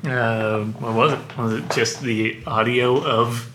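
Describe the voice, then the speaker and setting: A man's voice: medium pitch, steady tone, takes it slowly, fairly bright tone. A man co-hosting a podcast, chiming in with wry jokes and teasing corrections. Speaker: podcast co-host. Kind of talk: casual comedic chat. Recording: echoey room with faint noise.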